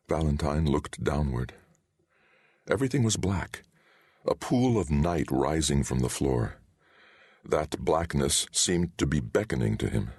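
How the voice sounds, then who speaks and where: A man narrating a fantasy audiobook with a dramatic, expressive reading. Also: rumbling low, measured pace, breathy edge, no echo, studio quality.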